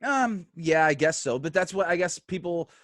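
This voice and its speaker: A man's voice: fairly high pitch, moderate pace, no echo, clean studio sound. A man telling a story on a casual podcast, swearing freely and acting out the quotes of the people in it. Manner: animated, swearing, acts out quotes. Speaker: podcast guest.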